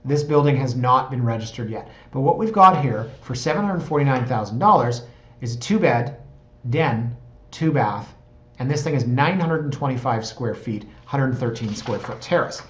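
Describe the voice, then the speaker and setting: A man's voice: medium pitch, animated, moderate pace, echoey room, muffled recording. A man in his thirties, a real estate agent, talking casually and digressively in a vlog from his office. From Canada. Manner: chatty, digressive, self-deprecating.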